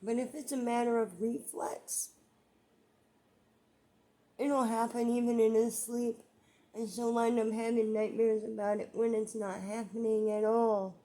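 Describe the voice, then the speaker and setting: A woman's voice: a little high, little pitch movement, unhurried, mellow. A woman vlogging about her own life in a rambling, emotional monologue, repeating herself as she gets frustrated. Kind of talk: emotional personal vlog monologue.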